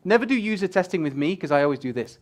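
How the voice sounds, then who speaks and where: Speaking very fast in a high voice, a man gives a casual presentation on user experience design in an event room before a live audience. He's animated, jokes with the crowd, and swears now and then.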